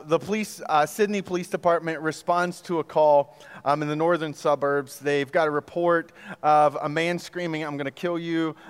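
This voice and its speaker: A man's voice: on the high side, clear, resonant tone, big-room sound. A man in his thirties preaching a sermon as a guest pastor, telling a story with joking asides in a church auditorium.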